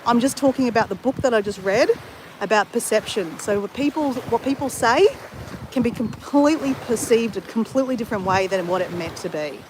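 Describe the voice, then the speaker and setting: A woman's voice: on the high side, lively intonation, fairly quick, darkish tone, slight background noise, low-quality recording. Blunt, swearing woman vlogger. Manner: blunt, candid, swears freely. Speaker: travel vlogger. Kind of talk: casual chat to camera.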